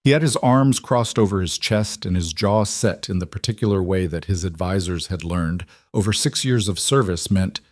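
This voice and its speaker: Male audiobook narrator, low and steady, dry close mic. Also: no room sound. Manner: steady, measured storytelling. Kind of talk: scripted narration.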